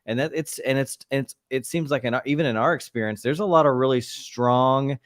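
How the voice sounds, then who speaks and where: A man's voice: mid-range voice, a little fast, no room sound, clean studio sound. A man co-hosting a podcast, reflecting aloud in an easy conversational way. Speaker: podcast co-host.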